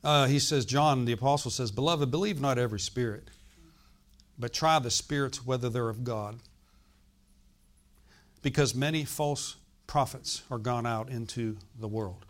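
At a medium pitch and normal speed, a sixty-something pastor delivers his sermon emphatically. He keeps turning to the congregation with questions, asking them to respond.

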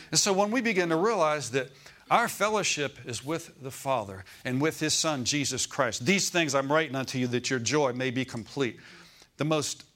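Male pastor, mid-pitch voice, chatty preaching style with frequent asides to the congregation. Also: fairly bright tone. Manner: conversational preaching, asks the congregation for agreement. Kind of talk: sermon. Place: church.

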